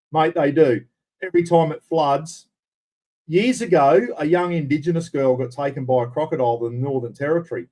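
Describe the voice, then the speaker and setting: A man's voice: medium pitch, dark tone. An Australian man hosting a casual livestream, answering viewers in a blunt, rambling way with casual swearing. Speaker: livestream host.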